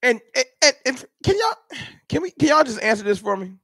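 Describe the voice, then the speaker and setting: High-pitched, fired-up fan show host. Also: male voice, sing-song, fairly quick, pushed and bright, husky, no room sound, studio quality. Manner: heated, rhetorical, talks straight to chat. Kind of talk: animated live-stream sports rant.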